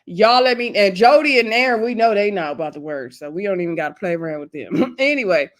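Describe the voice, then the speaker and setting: A woman's voice: medium pitch, fast talker. Chatty woman gossiping through a reality show recap. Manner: chatty, gossipy, animated with emphatic asides; loose slangy speech addressing viewers as y'all. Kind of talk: casual chat recap.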